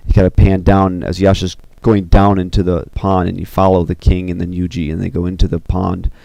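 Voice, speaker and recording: A man casually pitching a film story scene by scene, loose and rambling with many fillers. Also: monotone, brisk, gravelly, warm tone, no room sound. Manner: loose and rambling, full of 'you know' and 'kinda'.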